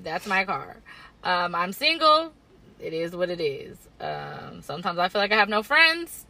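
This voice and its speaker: A woman's voice: on the low side, sing-song, unhurried, sharp tone. A woman, speaking candidly and reflectively as a podcast co-host in casual chat.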